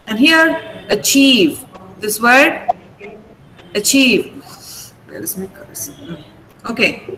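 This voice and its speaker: A middle-aged woman with an Indian English accent teaching pronunciation online, patiently repeating words slowly over a video call. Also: on the high side, sing-song, pushed and bright, a little hiss or hum, rough recording. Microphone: computer mic on a video call.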